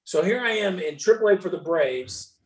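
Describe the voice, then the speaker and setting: Man, high voice, lively storyteller, roomy sound, a bit off-mic. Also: moderate pace, far from the mic. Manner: animated, acts out hecklers' shouting in stories. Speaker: podcast guest, former pro baseball player turned commentator. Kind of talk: casual storytelling.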